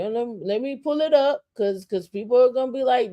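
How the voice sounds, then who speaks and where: Fired-up woman ranting, fairly high voice. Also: a little fast, few pauses, mellow. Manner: impassioned, ranting, repeats phrases for emphasis. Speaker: podcast co-host. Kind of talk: casual opinion talk.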